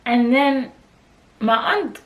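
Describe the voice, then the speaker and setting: Speaking slowly in a slightly high voice, a young woman shares a personal story on her podcast, where she is the host. The audio is poor, and her tone is candid and chatty, turning emotional now and then.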